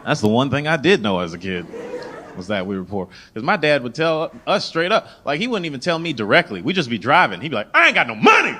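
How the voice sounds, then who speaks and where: A man performs stand-up comedy on a club stage, telling his stories in an animated way. His voice sits at a middle pitch and is picked up on a handheld mic. The noisy club is heard behind him. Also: quick pace. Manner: animated, storytelling, swearing.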